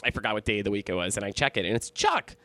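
A man's voice: on the low side, lively intonation, rapid-fire, sharp tone, no echo. Man telling a rambling, profane story. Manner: profane, rambling, with many fillers and restarts. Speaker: storyteller on a podcast. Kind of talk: casual spoken storytelling.

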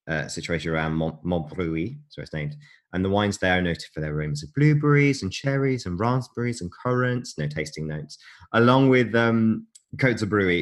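A man co-hosting a casual chat, explaining things in a chatty, jokey way and laughing often. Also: sits low. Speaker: podcast co-host.

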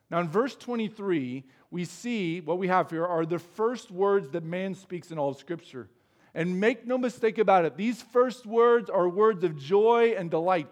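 A man preaching a sermon, earnest and explanatory, asking his listeners rhetorical questions. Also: high voice. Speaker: pastor.

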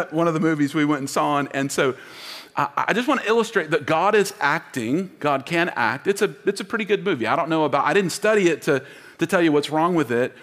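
Guy pastor preaching hard, leads the crowd in repeating lines, highish voice, big echoey church. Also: lively intonation, a little fast, a bit bright. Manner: emphatic, call-and-response with congregation. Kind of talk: sermon. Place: church auditorium. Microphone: wearing a mic. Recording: long hall reverb.

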